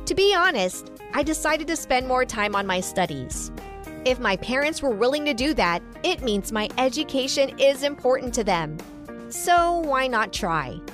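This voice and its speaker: High-voiced woman, dramatic first-person storyteller. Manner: expressive, dramatic. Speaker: narrator.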